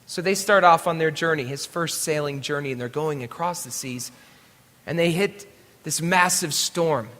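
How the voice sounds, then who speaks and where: A man preaches at a live event, telling a story in a rambling, intense way that swings between loud bursts and near-hushed passages. His voice sits fairly high and sounds bright and forceful through a stage mic. The hall gives it a long, ringing reverb. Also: moderate pace. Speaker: worship leader giving a message. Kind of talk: emotional storytelling sermon.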